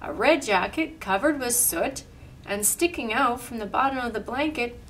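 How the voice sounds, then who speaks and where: Woman reading a storybook aloud, expressive. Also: fairly high pitch, moderate pace, distant mic, slight background noise. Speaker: storyteller and craft leader.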